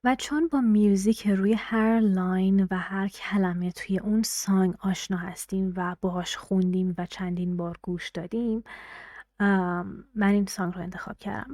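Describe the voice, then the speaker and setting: A woman's voice: medium pitch, fairly even intonation, rapid-fire, mellow, no echo. A woman who teaches English pronunciation, patiently counting stressed syllables aloud and often dropping into near-whispers. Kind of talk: explanatory teaching.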